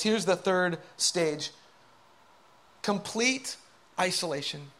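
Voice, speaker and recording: A man delivers a sermon in a high voice. He swings from loud, urgent calls to hushed, whispered asides as he acts out the doubts of his listeners. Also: expressive, normal speed. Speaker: pastor.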